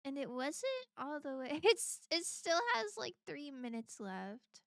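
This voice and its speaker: A woman streamer chats casually with her viewers and laughs a lot. Her voice is high and bright, and she talks at an easy, unhurried pace. The sound is dry and close. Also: very animated, gravelly, dry recording. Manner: giggly, chatty, talks while eating.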